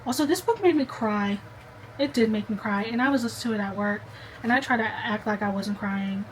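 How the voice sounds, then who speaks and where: A woman's voice: medium pitch, fairly quick, a little hiss or hum, poor audio. A young woman vlogging casually to the camera, chatty and gushing, talking straight to the viewer. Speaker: book vlogger.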